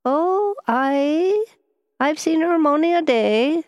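A woman voicing a slow, cunning old Highland boatman with a Scottish Highland accent, in audiobook narration. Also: animated, a little mellow, no echo. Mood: sly. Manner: slow, sly, lilting Highland speech. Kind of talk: audiobook character voice.

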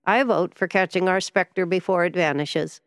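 A woman's voice: lowish voice, normal speed, no echo, studio quality, long reverb tail, lightly acted. A woman voicing a self-important, superior male doctor in a storybook reading.

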